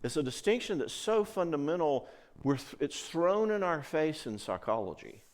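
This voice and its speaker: A man's voice: a little high, sing-song, moderate pace. A middle-aged man giving a conference talk on marriage in a conversational way. He keeps checking in with the audience as he speaks. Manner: conversational, acts out quoted voices, frequent check-ins.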